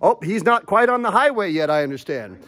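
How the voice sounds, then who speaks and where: A man's voice: sits high, big pitch swings, fairly quick, a bit bright. A man hosting a comedy variety show in a mock-solemn presenter manner. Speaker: host.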